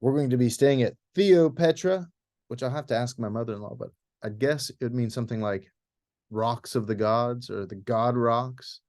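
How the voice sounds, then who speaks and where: A man's voice: mid-range voice, moderate pace. A man giving an informal, conversational presentation to a church group about a planned trip, leading it as clergy. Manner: relaxed, conversational with many restarts. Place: church hall.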